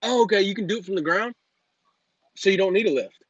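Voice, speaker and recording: A man's voice: high voice, fast, husky, no echo, highs cut off. A man in his thirties hosting a live Q&A as a business coach, talking in a brash, joking, motivational way into a phone. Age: 30s. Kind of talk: live Q&A stream.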